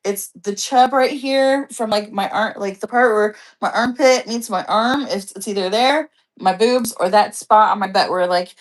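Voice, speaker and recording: A woman's voice: mid-range voice, moderate pace, few pauses. A woman vlog host in easygoing conversation. She rambles from one anecdote to the next with a loose, profane, chatty delivery. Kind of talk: casual chat.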